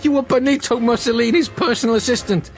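A man's voice: very high voice, fast, soft background music. A man voicing a jovial old male mob uncle who runs a restaurant, in a comic story reading, with breezy, unbothered denials.

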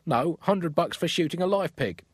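Comic bit: man putting on a squeaky, affronted pig owner, dry close sound. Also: expressive, moderate pace, breathy edge, no room sound. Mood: indignant. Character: indignant, excitable male pig owner.

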